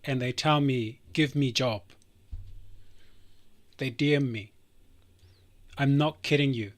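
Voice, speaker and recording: A man's voice: mid-range voice, fairly even intonation, measured pace. A man hosting a live stream, chatting casually in a rambling way that keeps breaking off and restarting. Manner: rambling, self-interrupting.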